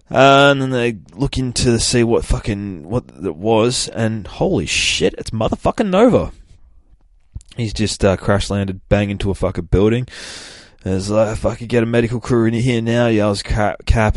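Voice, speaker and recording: A man's voice: lowish voice, a little mellow, no echo. A man hosting a comic podcast, recapping an issue in a rambling, profane, casual way. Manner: profane, rambling, swears constantly.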